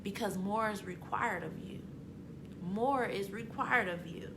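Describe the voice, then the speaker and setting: A woman's voice: mid-range voice, unhurried, fairly bright tone, slight background noise. A woman author and motivational speaker giving an inspirational self-help talk, emphatic and repetitive, with casual conversational phrasing that swells into passionate peaks.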